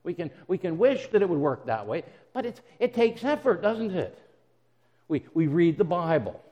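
A man's voice: high voice, very animated, moderate pace, mellow, long reverb tail, dull audio. A man preaching a sermon in an earnest way, often repeating words as he goes and voicing the words of God and Jesus. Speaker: pastor.

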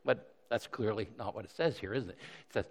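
A pastor preaching a sermon in an earnest way, often repeating words and asking rhetorical questions. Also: male voice, fairly low pitch, brisk. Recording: long hall reverb.

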